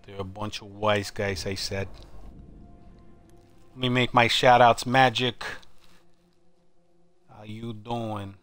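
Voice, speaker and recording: A man streaming a war shooter, wisecracking and reacting excitedly while he plays. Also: on the low side, takes it slowly, pauses often, no room sound, faint music behind. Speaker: game streamer. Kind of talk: live gameplay commentary. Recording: game audio loud behind voice. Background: loud gunfire and game sounds.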